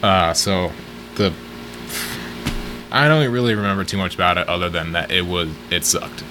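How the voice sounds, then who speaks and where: A man's voice: sits low, moderate pace, noisy background. A man co-hosting a casual movie podcast, talking steadily and plainly, with dry remarks. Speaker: podcast co-host. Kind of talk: casual movie review chat.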